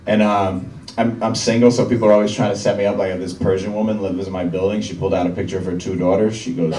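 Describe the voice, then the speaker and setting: A young man doing a stand-up routine in a comedy club, with deadpan, dry one-liners. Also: sits low, fast talker, a little hiss or hum. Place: comedy club with live audience. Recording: roomy club sound from a distant mic, crowd laughter.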